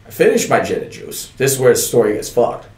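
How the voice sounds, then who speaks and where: A man's voice: medium pitch, big pitch swings, fast, dark tone, reverberant. A young man, a podcast guest, telling a long story in a casual, profane, laid-back way and laughing often.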